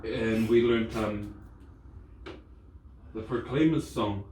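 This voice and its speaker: A man's voice: lowish voice, takes it slowly, darkish tone, a little hiss or hum. A man casually chatting with friends, telling a rambling story and laughing along as he goes. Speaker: podcast co-host. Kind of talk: casual chat among friends. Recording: echoey room, distant mic.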